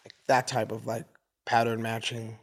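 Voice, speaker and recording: Medium-pitched and paced normally, this man's voice carries his stories as a guest in an informal interview. He's an American in his forties who brings his neighborhood to life by acting out its voices.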